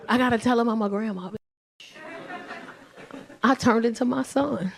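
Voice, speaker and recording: A woman's voice: fairly high pitch, a little slow, creaky, long pauses. A woman in her forties telling stand-up stories in a brash, crude way, often laughing at her own jokes. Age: 40s. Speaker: stand-up comedian. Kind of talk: stand-up comedy storytelling.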